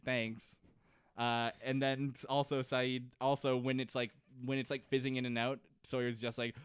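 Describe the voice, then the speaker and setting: A man's voice: mid-range voice, flat delivery, normal speed, smooth, no echo. A man co-hosting a casual comedy podcast, recapping an episode, laughing often and acting out characters' lines. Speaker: podcast co-host.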